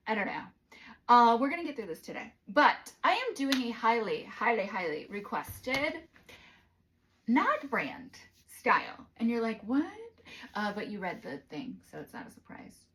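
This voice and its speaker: Sassy, animated woman vlogger. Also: on the high side, unhurried, rough recording. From United States. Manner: sassy, animated, drops into whispers for asides. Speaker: vlogger doing product try-ons. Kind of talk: casual chatty vlog.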